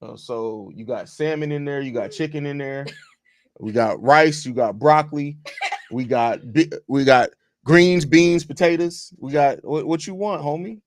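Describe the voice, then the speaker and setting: A man's voice: fairly high pitch, unhurried, dry recording, clean studio sound. A man hosting a casual live-stream sports podcast from home, talking loosely on a desk microphone, repeating phrases and reading chat questions aloud. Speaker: podcast host.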